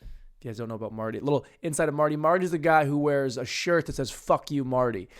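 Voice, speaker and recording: Here the young host of a solo comedy podcast talks quickly, his voice on the high side, clear and resonant. He rambles through crude, self-deprecating gags, slipping into mumbles and then leaping to loud bursts.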